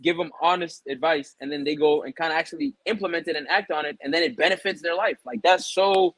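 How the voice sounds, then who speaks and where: A young adult man, a barber being interviewed, telling stories in a relaxed way with lots of fillers and retold dialogue. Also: on the high side, quick pace, no room sound, rough recording. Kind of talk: casual interview conversation.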